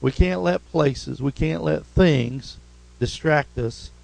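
A man's voice: on the high side, slow pace, creaky, darkish tone, poor audio. A man preaching a sermon as pastor, punctuating points with "amen?" and rising to emphatic repetitions. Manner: call-and-response preaching, repeated "amen?".

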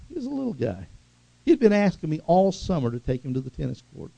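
A middle-aged male pastor preaching an animated sermon, swinging from loud calls to hushed asides. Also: high voice, fast, gravelly, breathy edge, dry recording. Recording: dull lo-fi sound.

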